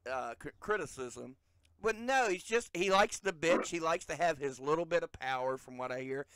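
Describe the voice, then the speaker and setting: A man's voice: fairly high pitch, animated, moderate pace, fairly bright tone, smooth, no room sound. A man hosting a podcast, cursing bluntly as he rants in casual chat. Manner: blunt, profane ranting. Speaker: podcast host.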